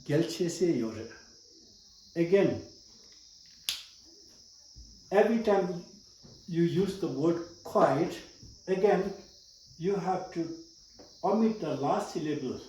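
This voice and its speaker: A man's voice: high-pitched, unhurried, long pauses, mellow. A man with a Tibetan accent teaching a language lesson, patiently explaining rules step by step and repeating words. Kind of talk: slow spoken language lesson. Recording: echoey room, distant mic, faint noise.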